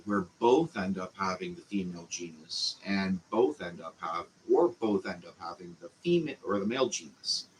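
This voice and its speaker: A man with a Canadian accent walks through a lesson in a slow, unhurried way, pausing on fillers as he goes. His voice sits fairly low, with a faint hum of room noise behind him. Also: low-quality recording. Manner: slow, meandering, with frequent fillers. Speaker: channel host teaching a growing class. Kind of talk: casual instructional talk.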